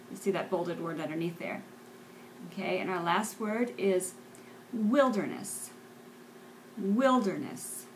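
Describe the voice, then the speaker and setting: A woman leads a pronunciation lesson at a very slow, deliberate pace, saying each vocabulary word several times with careful enunciation. Her voice sits in a mid pitch. A faint hiss of background noise runs under the recording. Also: poor audio. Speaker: English teacher.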